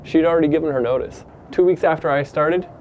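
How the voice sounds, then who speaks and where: A man's voice: a little high, fast, darkish tone, a little hiss or hum. Man telling a personal story, lo-fi. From Canada. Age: middle-aged.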